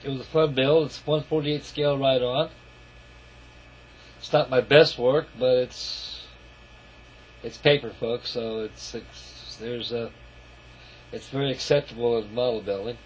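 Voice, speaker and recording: A husky-voiced man of medium pitch strolls around his scale model, narrating loosely and folksily while calling viewers folks. It's recorded with rough camera audio.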